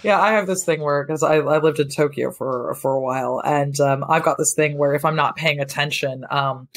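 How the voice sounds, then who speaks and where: A woman from the United States talking as a guest historian in a casual podcast conversation, animated and chatty, acting out quoted reactions. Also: sits low, fairly quick.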